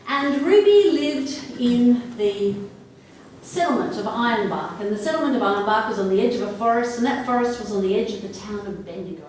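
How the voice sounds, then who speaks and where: A woman with an Australian accent telling a folk tale aloud, with a lilting, expressive delivery that drops to a hush in quiet passages. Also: a little high, a little fast. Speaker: storyteller. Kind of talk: oral folk storytelling. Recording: echoey room, distant mic, faint noise.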